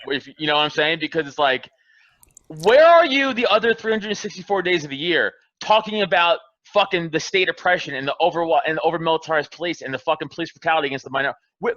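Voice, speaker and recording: A man's bright, forceful voice swings widely in pitch as he rants on a podcast, swearing freely and hammering his points. The sound is dry and a little dull, like a plain home podcast setup. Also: no echo. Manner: profane, impassioned, ranting with rising emphasis. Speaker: podcast guest, comedian. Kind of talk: heated casual podcast rant.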